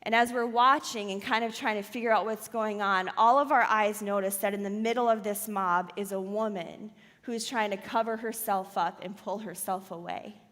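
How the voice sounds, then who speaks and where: A woman pastor preaching a sermon in a church auditorium, telling a story dramatically with loud and hushed swings. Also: mid-range voice, steady tone, moderate pace, hardly any pauses, in a large hall.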